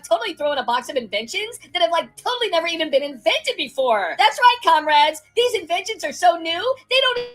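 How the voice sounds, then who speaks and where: A woman voicing a ditzy valley-girl saleswoman giving a parody infomercial pitch, full of "like, totally". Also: a bit bright, exaggerated voice. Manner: filler "like, totally", hard-sell pitch.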